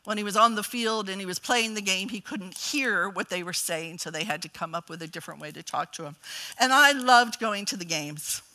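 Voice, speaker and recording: A middle-aged woman delivers a sermon through a family story. Her tone is very bright and her pitch sits in a middle range. She keeps it humorous, breaking into laughs as she goes. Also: a little fast. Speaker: guest preacher, college president.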